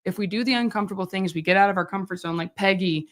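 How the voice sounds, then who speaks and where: Female host, chatty and upbeat, rapid delivery, video-call Q&A. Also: mid-range voice, a bit bright. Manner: enthusiastic and chatty. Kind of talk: live Q&A hosting.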